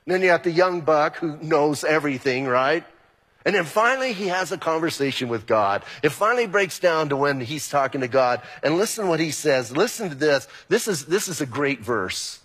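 Male pastor, husky slightly high voice, lively sermon delivery, long hall reverb. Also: normal speed. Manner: animated, acts out quoted exchanges.

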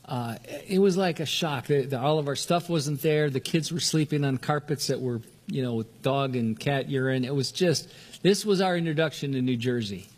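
An older man from Southern California preaching a sermon earnestly, often restarting words and lifting his pitch to stress a point. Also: moderate pace. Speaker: pastor.

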